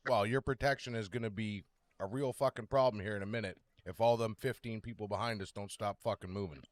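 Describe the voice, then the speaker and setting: A man's voice: fairly low pitch, steady tone, fairly quick, dry recording. A man playing a tabletop game, speaking in character with crude, menacing threats. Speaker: player.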